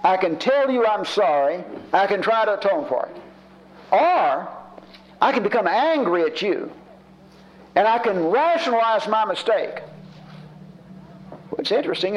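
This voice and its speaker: A man's voice: high voice, slight background noise. A man preaching a sermon in a conversational, emphatic way, building his points through repetition. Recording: dull lo-fi recording.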